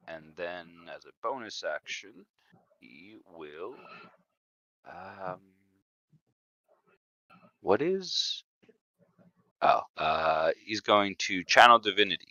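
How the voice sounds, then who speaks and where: Low-voiced guy, kinda sharp tone, bursts out laughing, dry muffled mic. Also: no echo. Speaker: player. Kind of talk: casual tabletop play.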